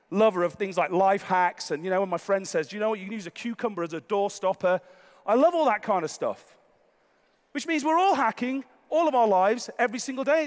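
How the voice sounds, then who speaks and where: A man giving an energetic, conversational keynote talk on a conference stage, adding quick asides. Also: sits high. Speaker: conference speaker. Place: large conference hall. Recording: echoey hall reverb.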